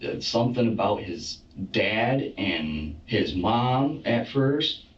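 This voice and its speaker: A man in a documentary interview, recounting an attack in a halting way with many fillers and restarts. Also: lowish voice, animated. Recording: roomy, distant, dull clip.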